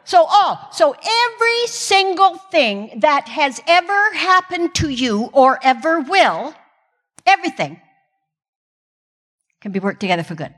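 An older woman speaks to a gathering with a self-deprecating, comic delivery. She has a slightly high voice. The sound carries a long reverb from a large hall. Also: sing-song, measured pace, fairly bright tone. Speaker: Christian speaker. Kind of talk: humorous inspirational talk.

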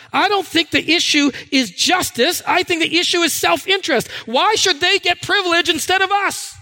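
A man preaching a sermon, animated and conversational, acting out the voices of people he quotes. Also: extremely high pitch. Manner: animated, acts out quoted voices, restarts words. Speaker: pastor. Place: church hall with a screen.

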